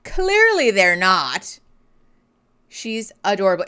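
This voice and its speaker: A woman's voice: medium pitch, lively intonation, slow pace. A woman streamer chatting casually and gushing over pet photos, giggling and cooing. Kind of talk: casual reaction chat.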